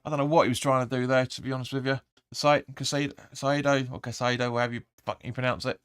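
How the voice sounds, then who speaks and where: A man hosting a live football watch-along, rambling through the play and sometimes shouting at the players. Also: medium pitch, steady tone, rapid-fire, clean tone, no room sound. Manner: rambling, restarts often, erupts when urging players. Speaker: fan channel host.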